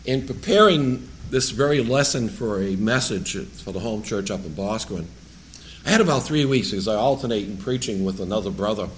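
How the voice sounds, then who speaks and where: A man's voice: lowish voice, lively intonation, a little fast, a little hiss or hum. A man from New England with a New England accent, preaching as a lay preacher in a church. He reads scripture, then talks in a loose, rambling way with joking asides. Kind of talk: sermon with scripture reading.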